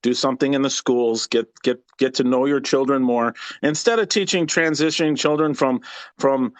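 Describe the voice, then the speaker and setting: A man's voice: medium pitch, moderate pace, dry recording. A man calling into a live show, arguing in an aggravated, rambling way and often restarting his sentences. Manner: aggravated, rambling, repeats himself. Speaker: caller. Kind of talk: heated call-in debate.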